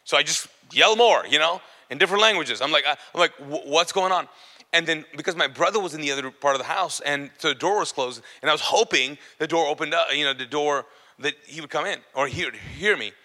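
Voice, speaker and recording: A man tells a personal testimony in an animated, self-mocking way, playing to an audience. His voice is strikingly bright and sits a little high. It rings with the long reverb of a large hall. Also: quick pace. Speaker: speaker giving a personal testimony. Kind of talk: humorous storytelling testimony to an audience.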